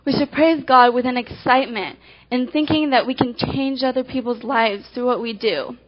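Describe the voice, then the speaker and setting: A woman giving a devotional talk, telling acted-out illustrations with animated emphasis that speeds up and slows down. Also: a little high, slight background noise. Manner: animated storytelling, swinging between quick and slow emphasis. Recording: dull lo-fi recording.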